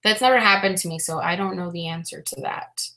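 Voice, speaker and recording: A young woman chatting casually to her live-stream viewers, rambling and frank with many fillers and restarts, sounding low and frustrated. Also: a little fast, sharp tone. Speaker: reseller vlogger answering live chat.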